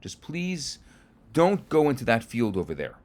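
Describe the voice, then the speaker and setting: A man's voice: mid-range voice, huge pitch swings, pitched above the performer's own voice. A man doing a sly old farmer. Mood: dry sly. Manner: dry and unhurried, quietly wry.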